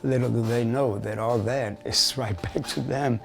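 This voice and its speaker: A man, a bass player, telling personal stories in a documentary interview, candid and profane, dropping Spanish phrases. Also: fairly even intonation, moderate pace, vocal fry, faint music behind.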